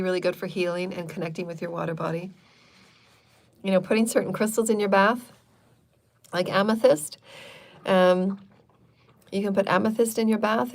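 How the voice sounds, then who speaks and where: A woman hosting a live channeled spiritual talk, speaking in repetitive, chant-like affirmations and loose, chatty asides. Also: lowish voice. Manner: chatty and loose, with frequent fillers.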